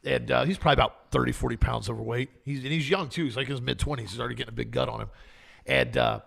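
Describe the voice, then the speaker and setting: Bright, husky-voiced male co-host. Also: mid-range voice, fast talker. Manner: conversational, anecdotal. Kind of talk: casual talk show banter.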